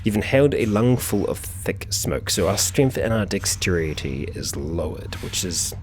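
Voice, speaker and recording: A man's voice: sits low, sing-song, moderate pace, a little hiss or hum. A man hosting a let's play, chatting through his gameplay as he thinks aloud, with frequent fillers. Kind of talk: gameplay commentary.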